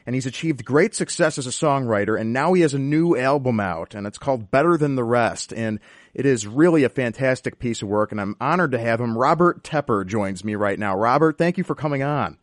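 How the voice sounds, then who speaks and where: A man's voice: medium pitch, animated, fairly quick, dry recording, clean studio sound. Enthusiastic male radio host. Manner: enthusiastic, admiring introductions. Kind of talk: interview hosting.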